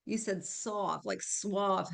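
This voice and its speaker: A woman co-hosting a casual sports talk show, reading viewer questions in a brisk, teasing manner. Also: mid-range voice, steady tone, creaky, a bit bright. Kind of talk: casual live-show chat.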